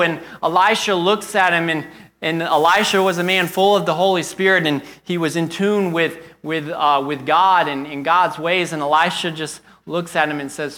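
Preacher man, sermon storyteller, slightly high and forceful. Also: fairly even intonation, fairly quick. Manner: storytelling with repetition, earnest.

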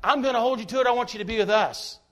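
A man's voice: extremely high pitch, racing. A man delivers a sermon. He preaches in an emphatic, folksy way, breaking into jokes between quoted verses. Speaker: pastor.

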